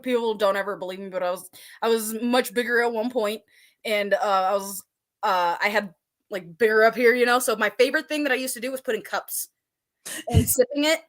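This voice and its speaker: Woman, stream guest, chatty, lots of "like", acts out quotes, slightly high voice. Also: fairly quick. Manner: chatty storyteller, acts out quotes, many "like" fillers. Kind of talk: casual livestream chat.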